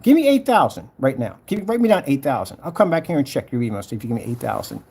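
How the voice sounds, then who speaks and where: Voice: mid-range voice, big pitch swings, quick pace, a little mellow, breathy edge. A vlogger ranting casually to camera, scolding and mocking a troll while reading his comments aloud.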